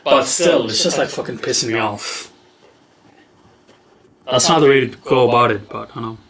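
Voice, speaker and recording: A man's voice: medium pitch, normal speed, crowd noise, poor audio. A young man from Tamil Nadu streaming casually while coding, muttering in frustration and swearing a lot. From Tamil Nadu, India.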